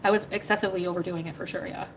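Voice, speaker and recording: A woman's voice: lowish voice, steady tone, very fast, a little hiss or hum, rough recording. A woman from Canada chatting casually on a livestream, rambling and hedging as she answers. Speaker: streamer.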